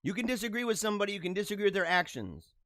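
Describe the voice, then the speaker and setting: A man's voice: high voice, sing-song, rapid-fire, a bit bright, no echo. A man in his thirties hosting a podcast, giving casual political commentary in a sarcastic, mocking way and laughing at his own jokes. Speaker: podcast host.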